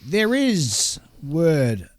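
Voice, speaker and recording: A man's voice: fairly high pitch, wildly swooping pitch, very slow, no echo. Man reading model kit news, dry sound. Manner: stumbles over foreign kit names and laughs at himself. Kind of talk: casual chat reading a news list.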